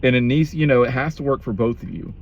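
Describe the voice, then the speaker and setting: A man in his thirties talks frankly and bluntly, swearing freely and circling back on his own sentences as he works through his thoughts. His voice sits at a mid pitch. The recording is a little dull and muffled. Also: fast. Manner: blunt, profane, restarts often. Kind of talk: candid reflective monologue.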